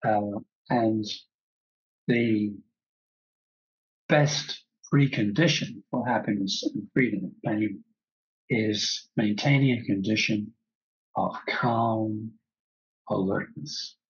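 A man teaching a breathwork class, calmly guiding the breath and repeating key phrases. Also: fairly low pitch, slow, pauses often, muffled recording.

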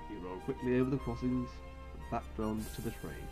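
A man narrating a storybook in an expressive, measured way. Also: mid-range voice, faint music behind, poor audio.

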